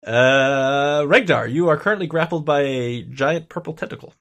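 A man narrating a tabletop game as game master, halting with frequent pauses and small chuckles. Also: fairly high pitch, a bit bright. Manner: hesitant, many pauses, chuckling.

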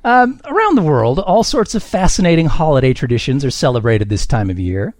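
Guy hosting a quiz podcast, wry and self-mocking, voice all over the place pitch-wise, dry close mic. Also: very animated, a little fast, darkish tone, no echo. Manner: wry, self-mocking, reads scores and answers aloud. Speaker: quiz game host. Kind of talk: casual podcast game hosting.

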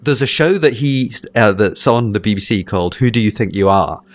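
A man with a lowish voice and an accent that blends Scottish and English tells a long story in casual conversation. He hesitates often, circling back with fillers and restarts before landing his point. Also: animated, fairly quick. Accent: mixed Scottish and English. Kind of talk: casual chat.

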